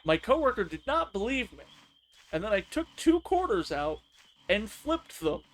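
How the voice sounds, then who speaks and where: A man streaming a game, telling work stories in a casual, animated way and acting out his coworkers' lines. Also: sits high, moderate pace. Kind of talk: casual storytelling on a live stream.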